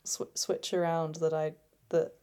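A woman's voice: sits low, monotone, measured pace, warm tone, smooth. A woman co-hosting a radio chat, rambling and hesitant as she searches for words. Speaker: radio co-host. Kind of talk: casual chat.

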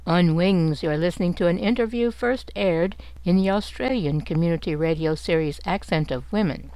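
A woman with a slightly low voice reads a scripted radio announcement in a clear, formal way. The sound is close and dry. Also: moderate pace, mellow, dry recording, poor audio. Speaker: radio presenter.

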